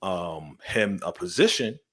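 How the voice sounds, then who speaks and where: Animated slangy man recapping a show. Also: sits low, a little slow, breathy edge. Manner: animated, slangy, acts out characters' lines in shifting voices. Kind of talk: casual recap chat.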